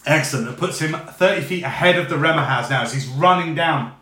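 Man, game master, relaxed chatty narration, echoey room. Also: a little high, a little fast. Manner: relaxed, chatty, with frequent fillers. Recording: echoey room with faint noise.

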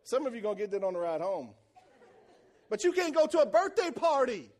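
A man preaching a sermon in church, animated and calling out to the congregation for responses. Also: very high-pitched, brisk. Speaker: pastor.

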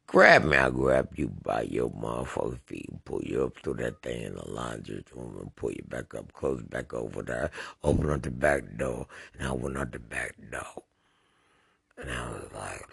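A man's voice: extremely low pitch, moderate pace, vocal fry, a bit bright, breathy edge, dry recording, studio quality. A man casually and profanely reminiscing about old times, acting out sound effects as he swears freely. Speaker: storyteller.

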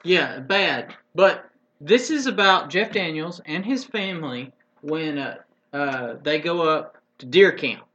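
A man's voice: a little high, expressive, takes it slowly, bright, forceful tone. Folksy rambling man on a lo-fi podcast. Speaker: podcast co-host. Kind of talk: casual chat. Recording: dull lo-fi podcast audio with faint hiss.

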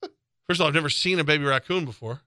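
A man's voice: a little high, fast talker, pushed and bright, no room sound. A middle-aged man hosting radio sports talk, rambling and interrupting himself as he tells stories at a studio mic. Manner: rambling, self-interrupting storyteller.

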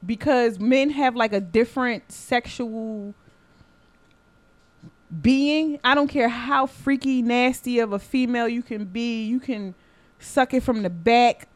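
A woman hosting a podcast, talking in casual chat, blunt and profane, telling animated stories. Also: fairly high pitch, slow pace. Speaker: podcast host.

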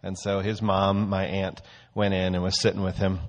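Man, lower pitch, easygoing conversational sermon delivery, storyteller. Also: little pitch movement, normal speed, highs cut off. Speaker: church teacher. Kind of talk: casual sermon.

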